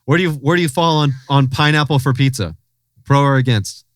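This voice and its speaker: A man hosting a podcast, casually interviewing a passerby with hesitant, halting speech full of fillers. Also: medium pitch, no echo, studio quality.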